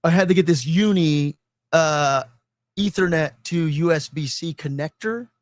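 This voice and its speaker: A man's voice: fairly high pitch, unhurried, no echo. A man hosting a casual podcast chat, laughing often, rambling and swearing freely. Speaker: podcast host.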